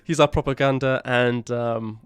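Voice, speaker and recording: A man's voice: mid-range voice, fairly even intonation, normal speed, clean tone, dry recording. A man co-hosting a casual podcast stream, laughing often and bantering with a little swearing. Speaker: podcast co-host. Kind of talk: casual chat on a live stream.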